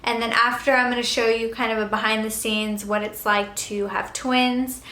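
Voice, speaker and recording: A woman's voice: a little high, little pitch movement, normal speed, pushed and bright, roomy sound. A young woman chatting casually to her viewers about her makeup routine, rambling and laughing now and then. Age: young adult. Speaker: beauty vlogger. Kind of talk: casual get-ready-with-me chat.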